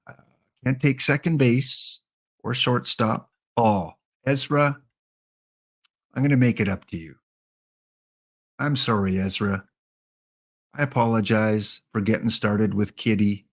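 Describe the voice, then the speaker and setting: A man's voice: fairly low pitch, slow, pauses often. A man streaming a baseball sim game, chatting casually, joking and thanking viewers as he plays. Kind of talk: casual live-stream chat while playing.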